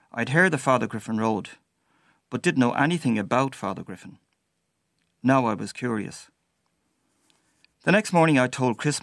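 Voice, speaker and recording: A man narrating a personal story in a measured, storytelling way. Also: mid-range voice, gravelly, fairly bright tone, dry recording, clean studio sound.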